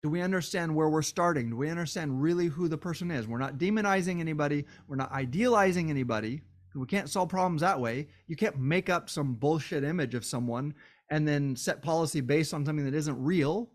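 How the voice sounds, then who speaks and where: A man's voice: on the high side, a little fast. A man hosting a solo podcast, tired and worn down, talking with passion and repeating phrases for emphasis. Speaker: podcast host.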